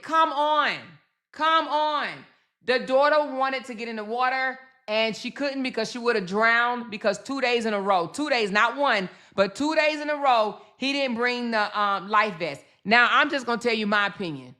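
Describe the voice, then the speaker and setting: A woman's voice: on the high side, moderate pace, sharp tone. A woman hosting a reaction commentary, fired up and emphatic, swearing and acting out what others said. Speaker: commentary host.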